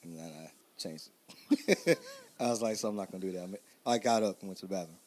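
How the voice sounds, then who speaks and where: Low-voiced man, laughing podcast co-host. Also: fairly quick, darkish tone, slight background noise. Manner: laughs often, rambling storyteller. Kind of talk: casual chat.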